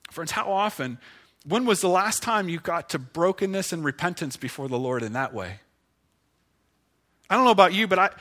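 A man preaching a sermon as pastor, earnest and pleading, slowing for emphasis and dropping to a hush. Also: sits high.

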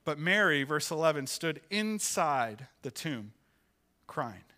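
Male pastor, sermon delivery, expressive storyteller, bright tense tone. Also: slow. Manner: expressive, pitch rises for acted quotes. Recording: church sanctuary, live sermon.

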